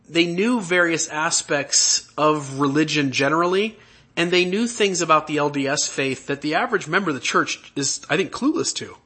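A man hosting a podcast interview, earnest and halting, often restarting as he searches for words. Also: fairly high pitch, sharp tone, husky. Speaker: podcast host. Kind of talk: conversational interview.

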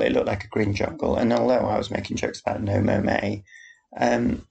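A man's voice: on the low side, little pitch movement, moderate pace, darkish tone. A man hosting a casual solo podcast, rambling and chatty with a self-deprecating manner. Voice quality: gravelly. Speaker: podcast host. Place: home, background noise heard.

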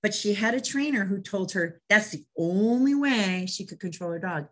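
A woman dog trainer hosts a relaxed interview. She talks with eager enthusiasm and tells lively stories about her clients. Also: mid-range voice, moderate pace. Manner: enthusiastic, animated storyteller. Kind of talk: casual interview chat.

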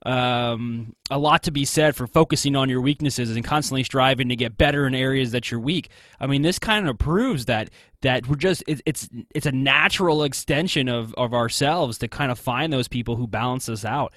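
A man's voice: medium pitch, normal speed, fairly bright tone, no room sound, clean studio sound. A man hosting a podcast, asking questions in an enthusiastic, conversational way. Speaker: podcast host. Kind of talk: podcast interview.

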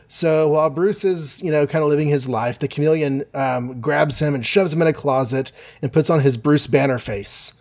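A man in casual chat, playfully summarizing comic book plots with quick asides and filler. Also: on the high side, a little mellow. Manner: playful, summarizes plots with goofy quoted voices. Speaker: podcast co-host.

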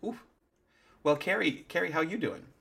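A man's voice: a little high, expressive, normal speed, vocal fry, fairly bright tone, husky. Playful joking male podcast host. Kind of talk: casual panel chat.

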